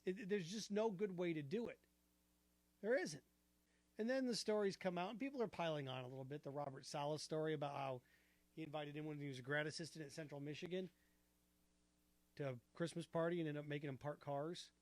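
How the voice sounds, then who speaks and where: A man hosting a sports talk show, arguing his opinions with rhetorical questions in an animated, argumentative way. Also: on the high side, brisk, dry recording.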